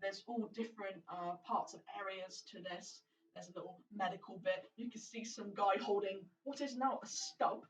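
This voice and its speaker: A woman's voice: medium pitch, normal speed. A woman narrating as dungeon master in a tabletop game, chatty and laughing often. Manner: chatty, laughing, swears in quoted lines. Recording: roomy, distant, dull lo-fi mic.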